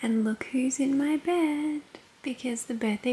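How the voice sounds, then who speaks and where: A woman's voice: high-pitched, unhurried, dark tone. A bubbly woman in her thirties chatting casually to camera at home, laughing often. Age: 30s. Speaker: vlogger. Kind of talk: casual vlog chat to camera. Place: at home indoors. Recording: echoey room, noisy background.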